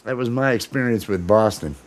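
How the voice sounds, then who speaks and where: A man's voice: fairly low pitch, fairly quick. Rambling male livestream host. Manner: rambling, swearing, loose excitable storytelling. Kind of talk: casual chat.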